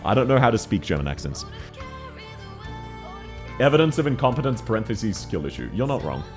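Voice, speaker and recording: A man's voice: fairly low pitch, big pitch swings, fairly quick, over music. A young man streaming a video game, chatting with viewers and laughing often between casual, swearing remarks. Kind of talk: casual game commentary reading chat.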